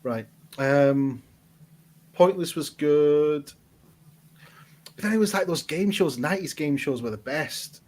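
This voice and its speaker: On a live advice stream captured by a webcam, a male co-host jokes, teases, and laughs at his own puns in casual banter. His voice is a little high and a little mellow, and he speaks slowly with long pauses.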